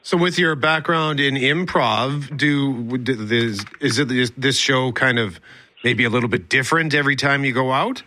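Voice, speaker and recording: A man's voice: mid-range voice, normal speed, bright, forceful tone, dry recording. A man hosting a live radio show and talking with a guest in an eager, conversational way. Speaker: radio morning show host.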